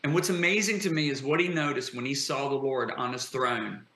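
A man's voice: mid-range voice, brisk, pushed and bright. A man speaking as a guest preacher in an interview, emphatic and building to impassioned declarations. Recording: echoey room.

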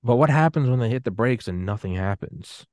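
A man in his thirties talking casually on a podcast, acting out quotes in an animated way. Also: mid-range voice, a little fast, no echo, clean studio sound. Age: 30s. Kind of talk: casual conversation.

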